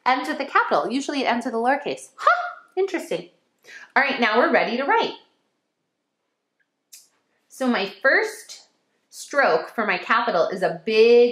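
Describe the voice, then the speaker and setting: A woman's voice: on the high side, sing-song, normal speed, long pauses, a bit bright, reverberant. A woman teaching kindergarten children in an online lesson, exclaiming and sing-song as she talks to them as friends.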